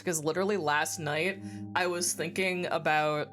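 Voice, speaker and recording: A woman's voice: sits low, fairly even intonation, moderate pace, fairly bright tone. A woman streamer chatting casually while playing a game, giggling often and swearing freely, her throat phlegmy and congested. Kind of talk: casual chat while gaming. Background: game music.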